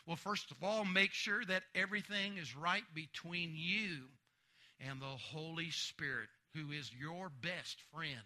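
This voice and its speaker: Male revival preacher: very bright, piercing tone, fervent, swings between hush and shouting. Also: a little high, measured pace. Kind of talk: revival sermon. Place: church meeting.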